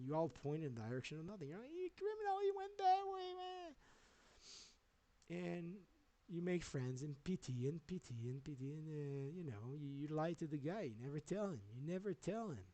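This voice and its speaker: A man's voice: a little high, dark tone, low-quality recording. A man ranting on his own livestream, agitated and rambling, with plenty of swearing. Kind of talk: rambling solo livestream rant.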